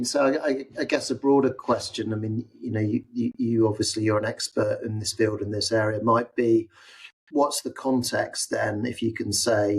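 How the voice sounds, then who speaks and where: A man's voice: fairly low pitch, slightly rough, rough recording. A man co-hosting a medical podcast, talking in a wry, meandering way and correcting himself as he goes. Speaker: podcast co-host.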